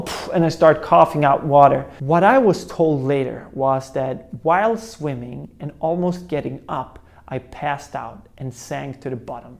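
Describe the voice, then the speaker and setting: A man's voice: medium pitch, moderate pace, gravelly. A young man telling a personal story in a motivational talk, acting out voices and sounds as he goes. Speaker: motivational speaker.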